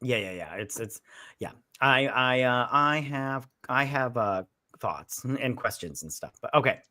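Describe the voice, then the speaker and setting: A man's voice: medium pitch, lively intonation, a little slow, bright, forceful tone, dry recording. Co-host, male, loose rambling retelling of scenes, dry mic. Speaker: podcast co-host. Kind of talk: casual movie review chat.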